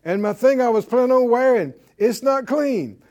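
A man's voice: very high voice, expressive, normal speed, a little mellow, voice pushed up. A man voicing a tired man who mutters complaints about his morning. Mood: grumbling.

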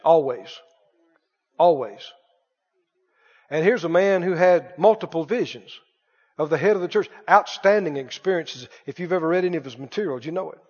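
A man preaching a sermon as pastor, emphatic and repetitive, swinging between loud bursts and quiet asides. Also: on the high side, lively intonation, normal speed, pauses often, husky. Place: church sanctuary. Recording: muffled church recording with long reverb.

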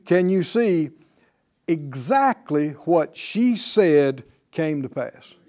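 A man's voice: on the high side, lively intonation, extremely slow, a little mellow. A man teaching a Bible class, emphatic and fond of repeating key words and asking his listeners rhetorical questions.

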